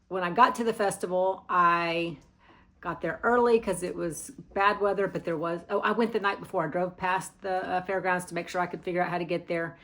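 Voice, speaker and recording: A woman's voice: lowish voice, steady tone, fairly quick, a bit bright. A middle-aged woman from Arkansas hosting a knitting vlog, chatting to camera in a rambling, friendly way with fillers and restarts. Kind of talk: casual chat to camera.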